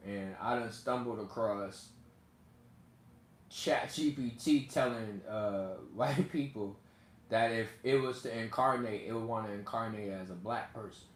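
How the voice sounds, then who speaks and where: Rambling man in an echoey room. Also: mid-range voice. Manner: loose, rambling, laughs often. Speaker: channel host. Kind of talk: casual commentary to viewers. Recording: echoey room with faint noise.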